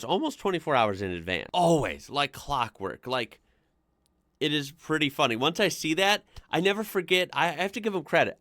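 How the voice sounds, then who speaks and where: An American man talking casually to his viewers as he reacts to memes. He rambles, laughs often and leans on "like" as a filler. His voice sits at an ordinary middle pitch, and the recording is dry and close with no room sound. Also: fairly bright tone, no echo. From United States. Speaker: reaction channel host.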